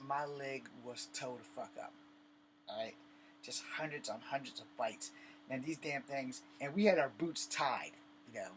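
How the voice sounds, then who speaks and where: A man talks straight to camera in a blunt, cursing, conversational way, acting out the scene as he goes. His pitch sits in an ordinary middle range, and faint noise runs underneath. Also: a bit bright. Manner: blunt and profane. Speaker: vlogger. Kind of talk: casual rant and storytelling to camera.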